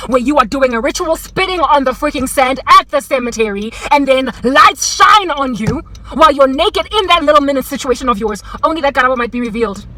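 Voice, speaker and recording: A young woman with a South African accent rants to camera in a fervent, preachy and sarcastic way, dropping Sotho phrases as she goes. Her voice sits high and sounds bright and sharp, and she rattles along quickly. Faint traffic hums in the background. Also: low-quality recording. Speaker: vlogger. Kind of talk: impassioned monologue to camera.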